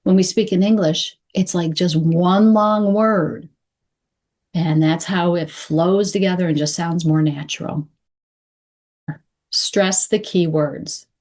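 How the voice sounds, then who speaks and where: A woman coaching clear English, speaking deliberately and modeling phrases slowly with pauses. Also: on the low side, a little mellow. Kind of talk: instructional talk to camera.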